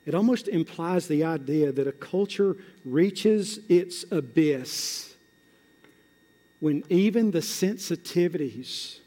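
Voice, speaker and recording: A man preaching a sermon as pastor, drawing out key words and repeating phrases, swelling from hushed, slow passages to loud, rising exhortation. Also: a little high, animated. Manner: emphatic, drawn-out words and repetition. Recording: long hall reverb.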